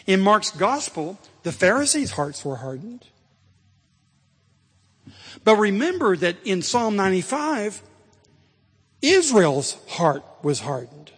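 Male pastor, high-pitched, husky voice, emphatic sermon delivery, long church reverb. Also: big pitch swings, slow, long pauses. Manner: emphatic preaching, swelling to loud exhortation.

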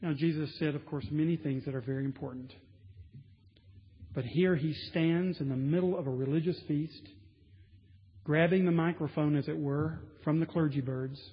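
This pastor's voice is a little high, his tone steady and pace moderate, as he delivers a sermon that grows in intensity through repeated phrases. The recording, made in a large church sanctuary, sounds dull and carries long hall reverb.

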